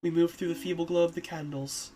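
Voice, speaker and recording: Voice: mid-range voice, steady tone, brisk, warm tone. A streamer reading a text game aloud and chatting casually, self-mocking and swearing. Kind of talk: game playthrough narration and commentary.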